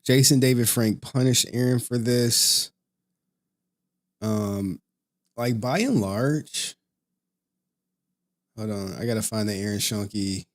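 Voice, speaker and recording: A man's voice: lowish voice, slow pace, pauses often. A young man hosting a casual late-night stream, tired from no sleep, rambling, swearing and laughing often. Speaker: streamer host.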